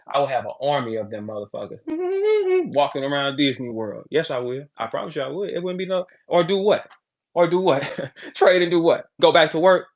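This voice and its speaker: Loud profane man ranting. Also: fairly high pitch, huge pitch swings, a little fast, hardly any pauses. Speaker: battle rapper on a live audio chat. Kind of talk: casual crude rant.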